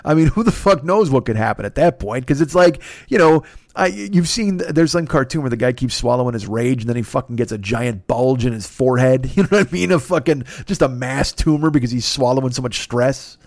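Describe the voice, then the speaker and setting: A man in his fifties telling a rambling story in a casual, profane and excitable way. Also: medium pitch, fairly quick, dry recording, clean studio sound. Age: 50s.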